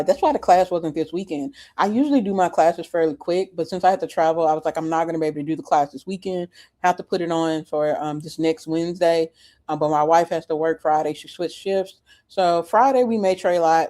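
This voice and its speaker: A man's voice: fairly high pitch, darkish tone. A man coaching options trading live, chatting casually and joking with his viewers. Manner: joking, chatty, addresses chat as y'all. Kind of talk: casual livestream trading chat.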